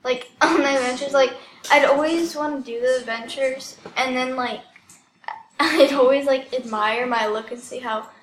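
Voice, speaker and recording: A young woman talking through a computer game at home, excitable and giggly, filling her talk with "like". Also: high voice, moderate pace, roomy sound, background noise. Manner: excitable and giggly, heavy use of "like". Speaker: game video creator. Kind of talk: casual gameplay commentary.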